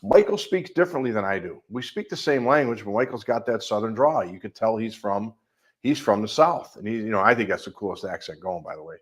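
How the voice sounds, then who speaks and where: A middle-aged life coach with a Midwestern American accent talks through a coaching call in a somewhat low voice. He is emphatic and builds his points from long, repeated lists. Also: expressive, brisk, slightly rough.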